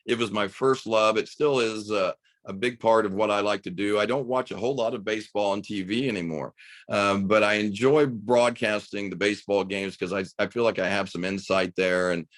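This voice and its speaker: A middle-aged man from the United States, a high school basketball coach and radio broadcaster, telling a story with enthusiasm in a podcast interview. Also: fairly even intonation, brisk, no echo.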